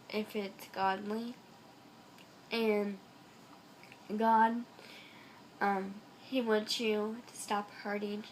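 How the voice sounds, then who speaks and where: A teenage girl telling a personal story to camera in a halting, earnest way, stuffed up and a little nasal from a cold, recorded on a phone. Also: on the high side, a little hiss or hum, poor audio. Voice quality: nasal from congestion. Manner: earnest and halting, many ums. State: stuffed up, congested. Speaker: vlogger.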